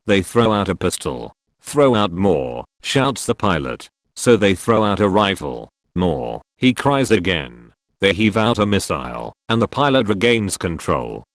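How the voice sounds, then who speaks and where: A man tells military jokes in a scripted, measured way. His voice sits low and moves lively up and down between setup and punchline. The sound is dry and close, with no room around it. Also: dry recording. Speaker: joke narrator. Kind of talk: scripted joke reading.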